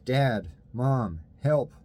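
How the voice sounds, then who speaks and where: A man voicing a frightened young boy lost in the dark, pleading and shouting for help. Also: lowish voice, animated, normal speed, slight background noise, natural voice. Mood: screaming.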